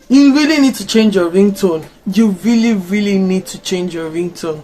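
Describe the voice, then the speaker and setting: A woman's voice: mid-range voice, normal speed. A young woman with a Nigerian accent, giving casual reaction commentary and firing off rhetorical questions. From Africa. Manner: expressive, fires off rhetorical questions. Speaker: reaction vlogger.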